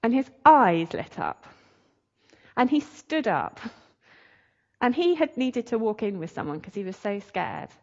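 A woman's voice: mid-range voice, big pitch swings, measured pace, long pauses, highs cut off. A woman telling a faith testimony in a chatty, emotional way, laughing often. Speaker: speaker sharing a testimony. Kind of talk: sermon testimony.

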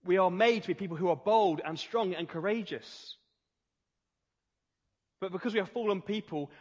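A man preaching a sermon in an earnest, emphatic way, slowing down to stress key phrases. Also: high voice, a little mellow, slightly rough. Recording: reverberant hall, dull lo-fi sound.

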